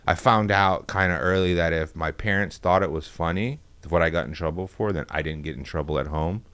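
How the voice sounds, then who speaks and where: A Texan man, a guest on a podcast, tells rambling, profane school stories in casual chat, acting out the quotes. His voice is low and a bit bright with a clean tone, and he speaks briskly in a podcast studio.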